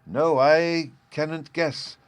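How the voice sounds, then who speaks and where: A man voicing a kind little girl in a storybook, pitched well above a man's low register. She sounds soft and sweet, with the close, dry sound of a home-recorded audiobook. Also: fairly even intonation, slow pace, smooth, dry recording. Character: high-voiced little girl, gentle and kind.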